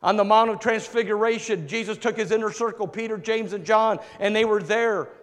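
A man preaching a sermon, shifting between loud emphatic lines and hushed low ones. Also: fairly even intonation, brisk. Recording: long reverb of a large hall.

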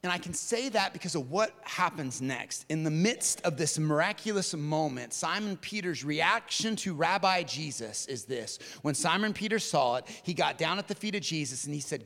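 Guy preaching a sermon, fairly high voice, dramatic, gets loud then goes hushed, long hall echo. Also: expressive, moderate pace, few pauses. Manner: dramatic, shifting from emphatic to hushed.

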